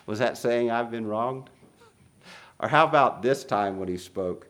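Animated preacher reading scripture dramatically. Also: male voice, lowish voice, unhurried, long pauses. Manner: reads scripture aloud in dramatic, rising bursts; drops to quiet asides between readings. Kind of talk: sermon.

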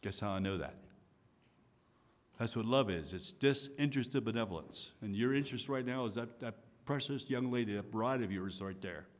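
A man preaching a sermon, swinging from loud emphatic lines to soft hushed asides. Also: on the low side, normal speed. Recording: long hall reverb.

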